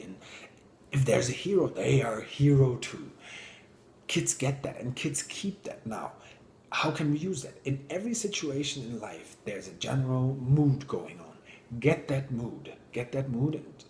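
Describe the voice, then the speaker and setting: A man speaking in an informal motivational talk, animated and quick to drop into a hushed whisper for emphasis. His voice sits at an everyday middle pitch, and the room gives it a noticeable echo. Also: slight background noise. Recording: roomy echo.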